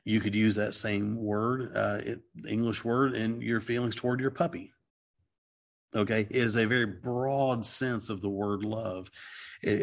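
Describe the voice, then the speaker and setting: A middle-aged man talking through a Bible passage in casual discussion, earnest and rambling, with many restarts and "okay"s. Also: on the low side. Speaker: Christian teacher.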